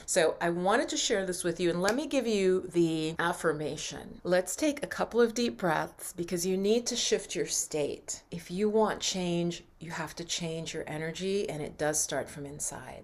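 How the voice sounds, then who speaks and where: A woman mindset coach talking earnestly to her viewers, guiding breathing and affirmations in a slow, soft voice. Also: on the low side, expressive. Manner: earnest, encouraging, slows and softens for breathing exercises. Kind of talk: coaching talk with guided affirmations.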